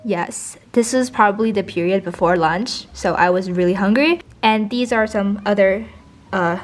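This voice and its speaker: A teenage girl chats through a tour of her old school notebooks. She is playful and giggly, and she hams up the notes she reads aloud. Her voice sits at an ordinary pitch for a girl. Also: moderate pace. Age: teens. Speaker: vlogger.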